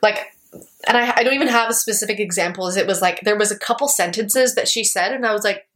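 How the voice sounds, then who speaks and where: A woman's voice: mid-range voice, quick pace, fairly bright tone. A young woman from Canada co-hosting a podcast in casual, blunt chat, laughing often. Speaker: podcast co-host.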